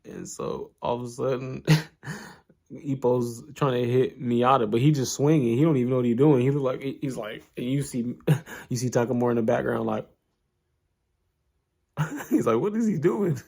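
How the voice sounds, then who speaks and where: A man casually recapping an anime in a relaxed, slangy way, full of asides and fillers. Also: medium pitch, moderate pace, vocal fry, long pauses.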